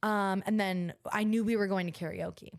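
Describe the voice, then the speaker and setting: A young woman co-hosting a podcast in a bubbly, gushing chat, her sentences strung together with "like". She sits at a medium pitch, and her voice sounds close and dry, with no room around it. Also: steady tone, normal speed, creaky, no echo. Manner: bubbly, gushing, heavy use of "like". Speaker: podcast co-host. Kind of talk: casual chat.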